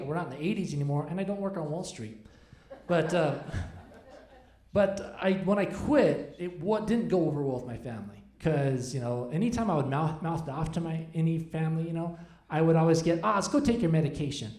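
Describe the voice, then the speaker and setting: A male stand-up comedian in his 40s performs a set with crowd work on a comedy club stage, his voice light, high, and warm. His delivery is loose, rambling, and self-deprecating as he chats with the audience in the echoey club room.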